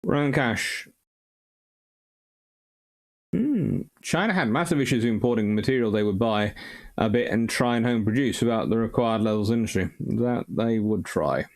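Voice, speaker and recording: A man's voice: lowish voice, moderate pace, creaky. Man chatting through viewer questions. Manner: reads out comments and answers them, with many ums and uhs. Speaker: host answering viewer questions. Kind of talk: casual live-stream chat.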